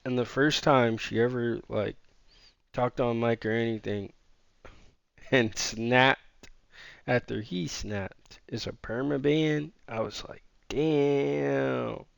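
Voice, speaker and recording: A man's voice: medium pitch, slow, vocal fry, dry recording. A man hosting a gaming channel, telling a casual, rambling story full of fillers and quoted dialogue.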